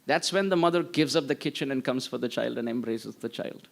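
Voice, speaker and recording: A man's voice: mid-range voice, brisk, gravelly, few pauses. A man giving a devotional lecture, telling stories with acted-out voices and chanting Sanskrit verses. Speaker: preacher.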